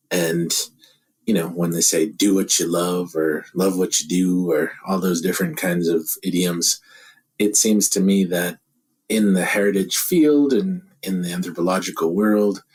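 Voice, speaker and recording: A man as a podcast guest, talking casually and thinking aloud in halting phrases, often breaking into laughter. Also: deep voice, breathy edge. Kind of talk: casual interview talk.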